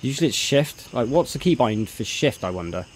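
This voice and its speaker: A young man talks through a game live, thinking aloud as he sorts his gear. He chats casually with his viewers and greets them in a loud, upbeat burst. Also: mid-range voice, animated, a little fast, a little hiss or hum. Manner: chatty, thinks aloud, greets chat loudly. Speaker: game streamer. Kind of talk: live gameplay commentary.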